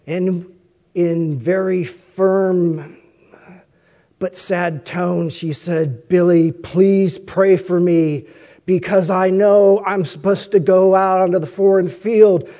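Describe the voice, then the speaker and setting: A man's voice: a little high, mellow. A man preaching a conversational sermon, often asking his listeners rhetorical questions.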